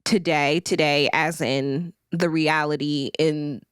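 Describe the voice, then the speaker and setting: A woman podcast host who chats casually about a book in a rambling, slangy, animated way and reads passages aloud. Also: low-pitched, slow, clean tone, no echo, studio quality. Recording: music playing behind the voice.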